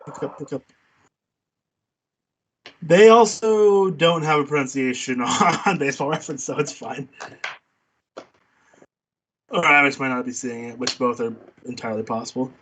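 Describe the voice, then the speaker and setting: A man's voice: mid-range voice, normal speed, pauses often, a bit bright, slight background noise, rough recording. A man co-hosting a casual baseball watch-party stream, laid-back, laughing easily and trailing off. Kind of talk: casual chat.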